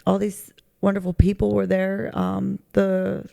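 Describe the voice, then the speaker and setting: Woman, testimony interview: gravelly, dark tone, halting and emotional. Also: mid-range voice, completely flat delivery. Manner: halting, searching for words, many fillers. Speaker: charity recipient sharing her testimony. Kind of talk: heartfelt personal testimony.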